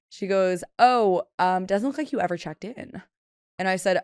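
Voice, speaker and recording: Chatty young woman with a low voice. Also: normal speed, darkish tone, no room sound, studio quality. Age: 20s. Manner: chatty, self-deprecating, acts out quotes. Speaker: podcast host. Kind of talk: casual solo podcast storytelling.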